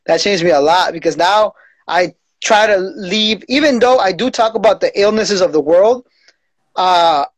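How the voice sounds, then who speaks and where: A man in his forties hosts a podcast in a relaxed, slangy way and keeps saying bro. His voice sits high for a man. The sound is very dry and close, with almost no room around it. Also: no echo. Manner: laid-back, slangy, says "bro" often. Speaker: podcast host. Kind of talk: casual conversation.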